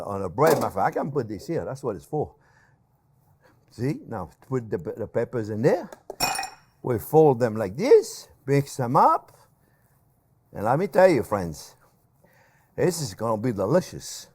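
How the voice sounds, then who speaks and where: Lively older chef with a tongue. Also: male voice, a little high. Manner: chatty, animated, laughs at himself, calls viewers friends. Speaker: chef and cooking show host. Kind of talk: casual cooking demonstration.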